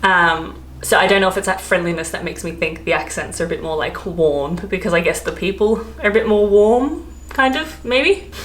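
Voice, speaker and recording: A woman's voice: fairly low pitch, fairly quick, few pauses, a little hiss or hum. An Australian woman vlogging in casual chat, rambling with lots of fillers and asides. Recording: echoey room.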